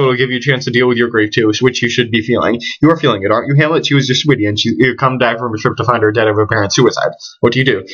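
A man's voice: mid-range voice, a bit bright. A man racing through a choose-your-path book aloud, stumbling over words and correcting himself as he goes. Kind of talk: fast read-aloud with asides. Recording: dull lo-fi home recording.

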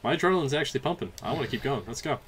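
A young man casually commentating a video game, chatty and jokey, with loud excited outbursts. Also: mid-range voice, very fast, slight background noise. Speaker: let's play host. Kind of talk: gameplay commentary.

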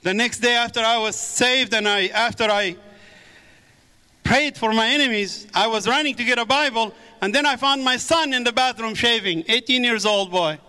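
A man's voice: extremely high pitch, moderate pace, bright, forceful tone, clear, resonant tone. A middle-aged man from the Middle East, a native Arabic speaker, giving a fervent sermon-style testimony to an audience in a large church. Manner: fervent preaching with exclamations of praise. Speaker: guest speaker. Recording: echoey hall with audience.

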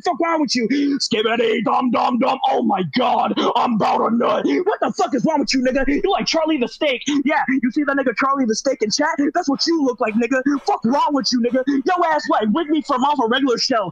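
A man delivering a rapid-fire comic insult roast in a shouty, profane, over-the-top manner. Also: extremely high pitch. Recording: dull lo-fi dry recording.

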